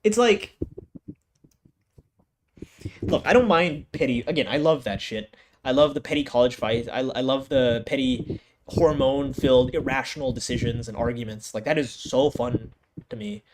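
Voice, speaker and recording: A man's voice: medium pitch, expressive, moderate pace. A young man reviewing anime in a casual, profane rant full of restarts and exasperated outbursts. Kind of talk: casual ranking commentary. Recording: noisy home recording.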